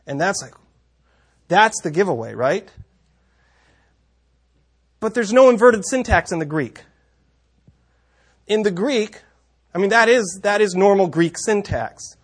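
A man teaching a Bible passage in a conversational way, reading verses aloud and stopping often to correct himself. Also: high-pitched. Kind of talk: scripture teaching talk.

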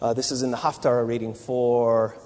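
A man's voice: mid-range voice, flat delivery, fairly quick, a little mellow, slight background noise. A man teaching a sermon, telling the story with dramatic emphasis and many restarts. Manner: rambling with restarts. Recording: hall reverb.

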